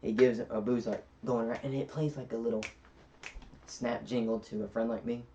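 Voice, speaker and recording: A man's voice: medium pitch, steady tone, normal speed, dark tone, slight background noise. A man giving a casual film review, retelling scenes in a rambling way with many fillers. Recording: distant, dull lo-fi recording.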